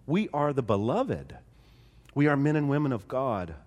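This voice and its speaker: A man's voice: medium pitch, very animated, moderate pace, darkish tone. Emphatic preacher man in a reverberant hall. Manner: emphatic, building repeated phrases. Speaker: pastor. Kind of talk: sermon.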